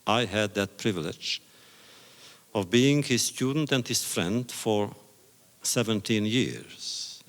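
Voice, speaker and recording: An older man giving a public lecture, telling stories in a measured, deliberate way with pauses, as an audience laughs now and then. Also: lowish voice, a bit bright. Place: large lecture hall. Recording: reverberant hall recording.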